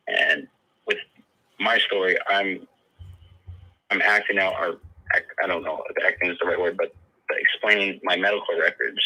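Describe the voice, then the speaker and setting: A man with a very low, husky voice that still has a sharp, bright edge. He talks in a halting way, stacking fillers and restarting his sentences as he practices his testimony. The sound is a little thin, like it came over a phone line. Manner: hesitant, many fillers and restarts. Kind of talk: coached interview practice.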